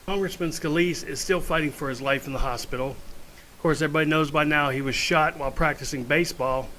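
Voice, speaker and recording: A blunt, opinionated man talking straight into the mic in a casual home vlog. His voice sits a touch high and sounds bright and forceful. A faint hum of room noise runs underneath. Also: fairly quick, poor audio. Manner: blunt, opinionated, rambling asides. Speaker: vlogger.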